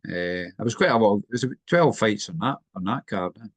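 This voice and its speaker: A man's voice: lowish voice, expressive, brisk, no room sound. Man, rambling, tag questions, dry close sound, casual boxing chat.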